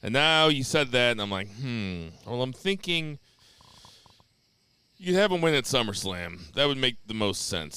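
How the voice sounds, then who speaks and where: A man's voice: medium pitch, sing-song, unhurried, sharp tone, smooth, no room sound. A man co-hosting a casual wrestling podcast, blunt and swearing freely with dry jokes. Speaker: podcast co-host.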